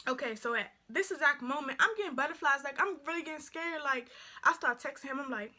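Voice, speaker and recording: A woman's voice: sits high, fast, bright, forceful tone. A young woman telling a story in a casual vlog, chatty and full of fillers. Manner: chatty, filler-heavy storytelling with many likes. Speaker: vlogger.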